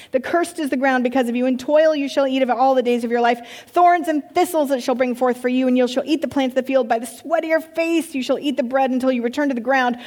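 A woman's voice: sits high, a little mellow. A woman pastor giving a sermon, reading scripture and breaking into conversational, playful asides.

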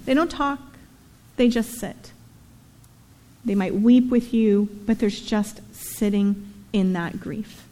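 Animated woman preaching a sermon. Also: mid-range voice, long reverb tail. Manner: animated storytelling, playful asides. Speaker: pastor. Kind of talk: sermon with scripture reading. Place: synagogue.

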